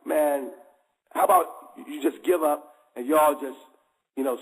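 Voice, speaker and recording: A man's voice: on the high side, wildly swooping pitch, a little slow, gravelly, breathy edge, pitched below the performer's own voice, full character voice, low-quality recording. A man putting on a sneering British army officer. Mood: scornful. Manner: laughing, dismissive, drawn out.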